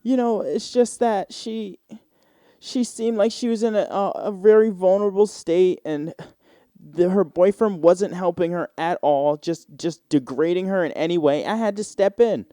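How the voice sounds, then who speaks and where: A sincere male bystander, as a man puts him on, speaking in a higher, halting and earnest voice. The sound is dry and close. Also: warm tone, clear, resonant tone, no echo, natural voice. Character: earnest male bystander explaining his good deed.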